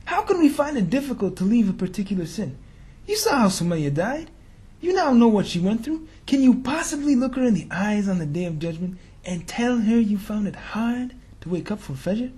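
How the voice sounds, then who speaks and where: High, sing-song and mellow, a preacher's voice moves at a moderate pace as he tells a religious story within a sermon. He speaks casually with slang, throwing rhetorical questions at those listening.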